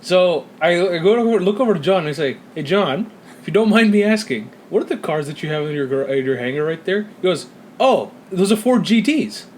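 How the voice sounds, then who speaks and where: A man co-hosting a podcast, telling a profane, animated story with lots of quoted asides in casual chat. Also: high-pitched, brisk, a little hiss or hum. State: sleepy. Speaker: podcast co-host.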